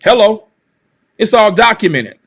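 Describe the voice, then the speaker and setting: High-voiced guy ranting on his livestream, preachy, confrontational, repeats himself a lot. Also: lively intonation, a little slow, vocal fry, a bit bright, slightly rough. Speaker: channel host, commentator. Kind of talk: heated livestream commentary.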